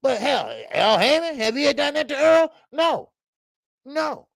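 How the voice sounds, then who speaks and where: A man hosting a casual boxing talk stream, animated and profane, rambling through stories, laughing and answering the chat. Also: very high-pitched, a little slow, gravelly, no room sound, clean studio sound. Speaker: boxing talk show host. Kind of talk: casual live-stream commentary.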